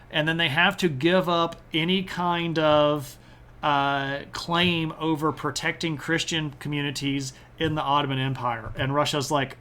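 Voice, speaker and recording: A man streaming a casual history talk, answering chat by name and putting on quick joking voices for the nations. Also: a little high, sharp tone.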